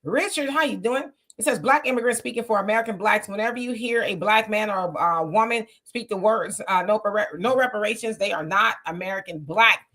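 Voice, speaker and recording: Bright-voiced woman hosting a livestream chat. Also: mid-range voice, brisk. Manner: greets viewers by name, reads comments aloud and agrees. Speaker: livestream host reading viewer comments.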